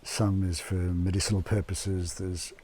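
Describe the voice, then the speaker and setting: A man who runs an eco lodge, talking casually in an interview, relaxed and unhurried with many fillers and restarts, speaking indoors at home. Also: low-pitched, slight background noise. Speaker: eco lodge owner and permaculture gardener.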